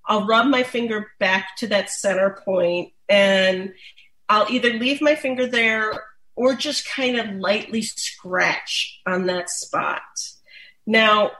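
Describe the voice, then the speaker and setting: Woman teaching dog massage, slow and chatty, lots of um and you know. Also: mid-range voice. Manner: relaxed, chatty, with many fillers and restarts. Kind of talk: casual instructional talk. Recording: roomy echo.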